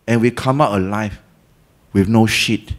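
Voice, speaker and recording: Animated Singaporean man telling a story. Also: on the low side, unhurried. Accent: Singaporean English. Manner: animated storytelling, acts out quoted people; colloquial, Malay and Hokkien words mixed in. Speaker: Buddhist teacher. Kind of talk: Dhamma talk.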